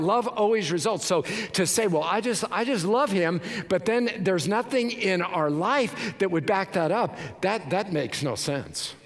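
Emphatic preacher man in a reverberant hall. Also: high voice. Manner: emphatic, repeats words for stress. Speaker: pastor. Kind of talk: sermon. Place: large church sanctuary.

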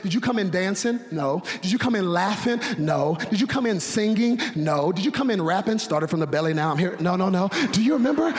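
A young man preaching a sermon, animated, asking rhetorical questions, shouting at the peaks and dropping quiet in between. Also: high-pitched. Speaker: pastor. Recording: long reverb of a large hall.

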